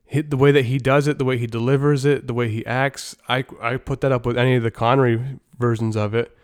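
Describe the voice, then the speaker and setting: A man's voice: medium pitch, steady tone, a little fast, clear, resonant tone, dry recording, clean studio sound. A man hosting a casual movie review podcast, talking in a blunt, opinionated and joking way, with some swearing. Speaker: podcast host.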